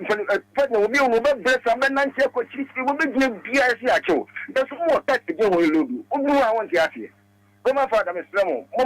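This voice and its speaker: A man calling in to a radio show, talking in halting, broken English. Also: sits high, dry recording, low-quality recording. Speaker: radio caller. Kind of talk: phone-in talk.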